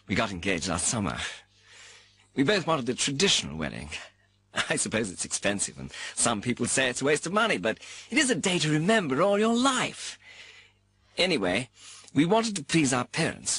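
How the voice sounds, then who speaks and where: A young groom who talks about his big day in a chatty, lively way, his pitch swinging up and down. His voice is bright and a little husky. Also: full character voice. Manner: chatty, laughing now and then. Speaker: newly married groom. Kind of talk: scripted personal account.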